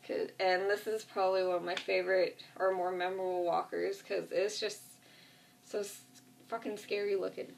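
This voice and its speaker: A woman talks through a TV episode at home in a loose, meandering way, stuffing her sentences with fillers. Her voice has a gravelly, creaky edge. She sits a little back from the mic, so she sounds slightly distant. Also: fairly low pitch, a little hiss or hum. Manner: rambling, filler-heavy, lots of "like". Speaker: vlogger. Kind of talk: casual retelling of a TV episode. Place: at home, with a cat nearby.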